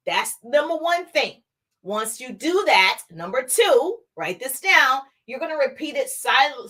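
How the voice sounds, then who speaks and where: A woman with a high, bright, forceful voice coaches her viewers through a motivational livestream. She talks with emphatic energy and drives her points home by repeating them, speaking directly to the people watching. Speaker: business coach.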